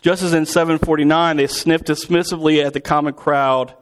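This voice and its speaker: A man's voice: a little high, fairly even intonation, brisk, clean tone. A man preaching in a conversational, storytelling way, acting out quotes with vivid voices. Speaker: pastor. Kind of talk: sermon.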